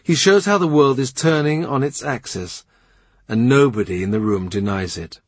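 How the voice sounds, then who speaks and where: Field: audiobook narration. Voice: husky man. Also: medium pitch, normal speed, no room sound. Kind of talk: scripted literary narration.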